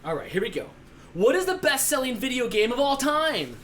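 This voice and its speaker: A man hosting a live call-in trivia game show from home, talking fast and joking as he rambles between questions. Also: extremely high pitch, sing-song, fairly bright tone, slight background noise. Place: home studio.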